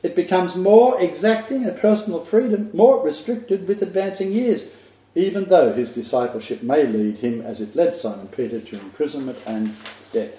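A man's voice: on the high side, animated, normal speed. An older man preaching a sermon, earnest and emphatic, with asides to his listeners. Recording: dull echoey room recording.

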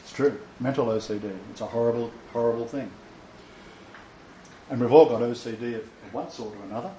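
A man's voice: medium pitch, fairly quick, dark tone, reverberant, lo-fi sound, slight background noise. A man teaching a Bible lecture to a small seated audience, emphatic and joking, with chuckling asides. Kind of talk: informal sermon lecture.

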